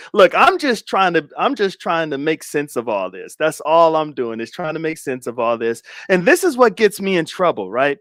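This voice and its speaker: A man's voice: a little high, a bit bright, no echo, clean studio sound. A man giving casual, rambling commentary to his viewers, laughing often and speculating. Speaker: commentary streamer.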